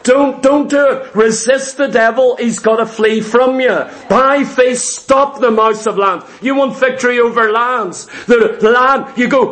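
A man's voice: very high-pitched, measured pace, few pauses, a bit bright. A man preaching a sermon to his congregation, emphatic and repetitive, asking many rhetorical questions.

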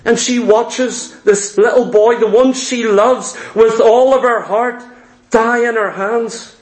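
A male preacher delivers an impassioned sermon full of rhetorical questions and repeated phrases. His voice is very high, and it echoes around a roomy church hall. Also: steady tone, slow pace. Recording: echoey room.

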